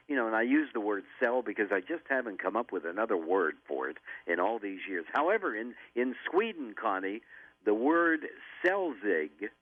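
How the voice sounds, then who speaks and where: A man's voice: mid-range voice, dry recording. An older man, a radio interview guest, talking earnestly and often repeating words as he starts a thought. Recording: tinny phone line.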